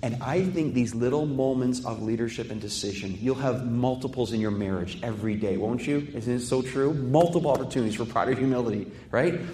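A man's voice: mid-range voice, fairly quick, few pauses, dark tone, a little hiss or hum. Man preaching in an echoey church hall. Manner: conversational preaching with rhetorical questions and personal stories. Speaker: pastor. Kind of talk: sermon. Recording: echoey hall with long reverb.

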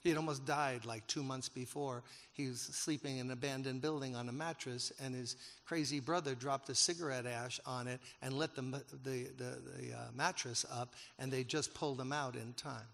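A male pastor tells a story from the pulpit in a gravelly voice, pitched in the middle range. He turns emotional and pushes up to loud, emphatic peaks. His words ring out with a long reverb, as in a large church hall. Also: steady tone, normal speed, hardly any pauses. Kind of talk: sermon storytelling.

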